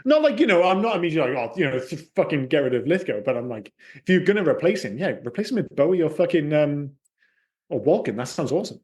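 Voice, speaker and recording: A man chats about films on a casual podcast, his voice sitting fairly high. He gets animated and sweary, and his pitch shoots up when something excites him. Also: fast. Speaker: podcast co-host. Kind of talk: casual film podcast chat.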